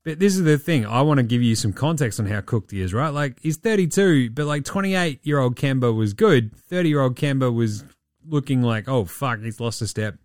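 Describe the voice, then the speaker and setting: A man hosting a casual podcast, swearing and rambling, his voice going hoarse. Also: medium pitch, lively intonation, moderate pace, a little mellow, no room sound, clean studio sound. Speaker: podcast host. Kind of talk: casual basketball chat.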